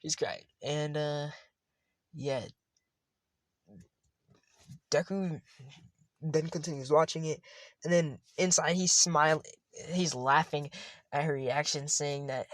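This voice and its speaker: A man's voice: on the high side, fairly even intonation, slow, long pauses, a bit bright, no echo. A man casually retelling a fan story, rambling and often correcting himself.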